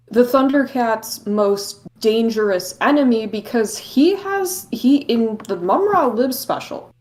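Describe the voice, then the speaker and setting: A woman co-hosting a podcast, chatting casually in quick, excitable, jokey rambling. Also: on the high side. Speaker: podcast co-host.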